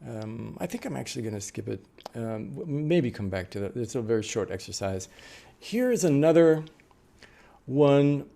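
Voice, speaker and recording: A middle-aged man gives a lecture, walking his listeners through examples step by step. His voice is gravelly, with a mellow, darker tone. He often stops and restarts mid-sentence. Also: mid-range voice, sing-song, normal speed. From United States. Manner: explanatory, with frequent fillers and restarts. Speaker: interpreter trainer. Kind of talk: lecture on note-taking.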